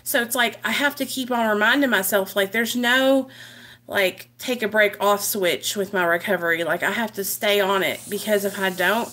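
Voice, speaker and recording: Young woman, mother, live video chat, bright tone, rambling, candid. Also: medium pitch, normal speed. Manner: rambling, full of "like" and "you know". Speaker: mother sharing her recovery in a live video.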